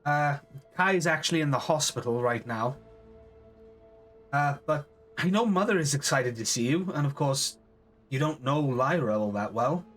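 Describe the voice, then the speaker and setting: A man's voice: a little high, lively intonation, normal speed, a bit bright, soft background music. A man voicing a dry, teasing young woman who talks matter-of-factly. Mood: wry.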